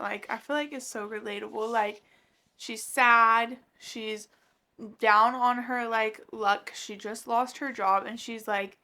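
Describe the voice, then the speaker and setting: Bright gushing young woman vlogger. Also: a little high, creaky. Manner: gushing, animated reactions to a manga. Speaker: book vlogger. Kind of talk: casual reading vlog.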